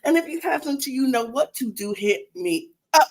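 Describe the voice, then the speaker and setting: A sassy woman podcast co-host who is a bit under the weather. She talks with theatrical flair, and her fairly high voice swoops up and down as she defends herself and hypes the show. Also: animated, moderate pace, darkish tone. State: sick, congested. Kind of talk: casual podcast banter.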